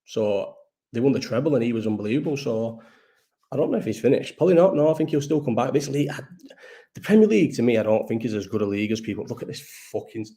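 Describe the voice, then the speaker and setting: A man talks to his viewers in a loose, meandering live chat. His voice is dark and mellow, and he sounds tired. He swears freely and keeps breaking off and restarting his sentences. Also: medium pitch, expressive, fast. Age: 30s. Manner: rambling, swears a lot, restarts and trails off. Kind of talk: casual chat.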